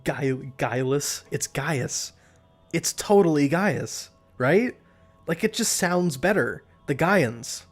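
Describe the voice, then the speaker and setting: A man's voice: fairly high pitch, animated, slow pace, faint music behind. A man streaming live, chatting casually in a rambling way, restarting his sentences and laughing at himself.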